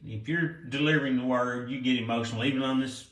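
A man's voice: medium pitch, fairly even intonation, fast talker. Echoey male pastor preaching. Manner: conversational, with restarts and soft chuckles. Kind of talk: sermon, reading and explaining scripture. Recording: roomy echo.

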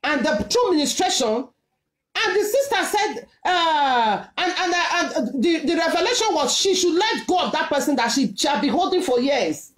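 Emphatic Nigerian woman preaching, lively pitch. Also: normal speed, reverberant. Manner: emphatic, repetitive exhortation in Pidgin-laced English. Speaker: prophetess preaching. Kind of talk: sermon with testimony.

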